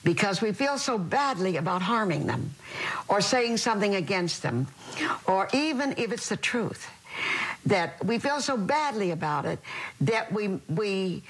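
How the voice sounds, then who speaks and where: Husky older nun telling stories. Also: female voice, medium pitch, poor audio. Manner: earnest, animated storyteller. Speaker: religious sister in prison ministry. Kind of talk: storytelling interview.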